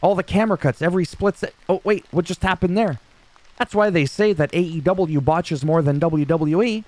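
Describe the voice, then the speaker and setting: A man's voice: sits high, moderate pace, darkish tone, no echo. A man in his forties giving casual solo wrestling news commentary, joking and self-mocking with rambling asides.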